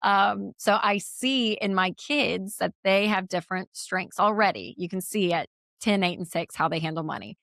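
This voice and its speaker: A woman in her thirties talks as an interview guest, chatty and quick to laugh as she tells stories. Her voice sits at a middle pitch. The sound is dry and close, with no room around it. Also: gravelly, fairly bright tone, no echo. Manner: chatty storyteller, laughs easily. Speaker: podcast guest. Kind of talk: candid conversational interview.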